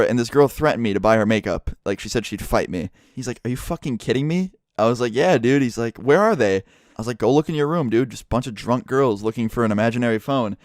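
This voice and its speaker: A man's voice: mid-range voice, fast talker, a little mellow, dry recording, clean studio sound. A young man vlogging a casual, profane storytime and acting out the lines of everyone in it. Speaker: YouTuber. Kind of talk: storytime vlog.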